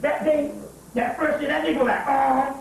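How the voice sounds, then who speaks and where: A man giving a profane lecture to a live audience, animated and laughing, telling stories in street talk with call-and-response asides. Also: extremely high pitch, fairly quick, background noise. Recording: very echoey room, distant mic, archive tape.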